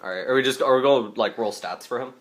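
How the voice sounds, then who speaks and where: A man's voice: medium pitch, fast. A man playing a tabletop game, talking casually with plenty of swearing and laughter. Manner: animated, swearing, laughs a lot. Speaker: player.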